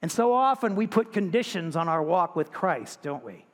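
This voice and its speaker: A male pastor delivering a sermon with a high-pitched voice, talking to his congregation like a conversation and throwing in rhetorical questions. His words trail off into the long reverb of a large hall. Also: big pitch swings, normal speed.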